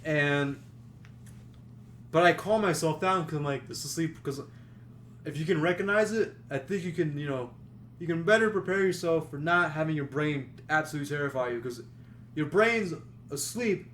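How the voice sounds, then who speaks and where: Young male podcast host, slightly high voice, rambling casual storytelling, faint hiss behind. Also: normal speed, fairly bright tone. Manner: rambling, many fillers and restarts. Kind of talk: casual storytelling among friends.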